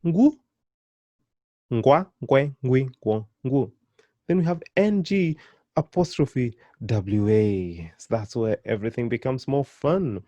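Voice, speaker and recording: A man's voice: mid-range voice, animated, slow pace, dark tone, no room sound. A man teaching a beginner pronunciation lesson, patient and encouraging, repeating syllables one by one. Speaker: language teacher.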